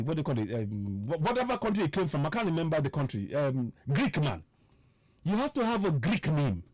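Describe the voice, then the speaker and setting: A man's voice: a little high, darkish tone, no echo. A man giving an impassioned political monologue, fervent and preachy, repeating himself and firing rhetorical questions. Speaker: political commentator.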